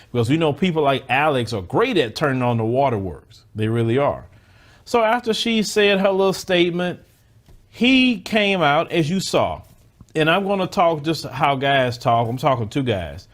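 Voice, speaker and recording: A man hosting a commentary channel, reacting to a news clip in a blunt, mocking way. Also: mid-range voice.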